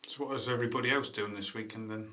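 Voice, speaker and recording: A man's voice: fairly low pitch, fairly even intonation, fast talker, pushed and bright. A man chatting casually on a live stream, rambling and greeting viewers between tasks. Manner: rambling, chatty, frequent ums and uhs. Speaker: vlogger hosting a live stream.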